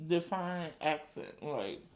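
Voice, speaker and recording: Slow-talking New Orleans man, echoey room. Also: a little high, lively intonation. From New Orleans, Louisiana. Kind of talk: casual chat while eating. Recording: roomy echo.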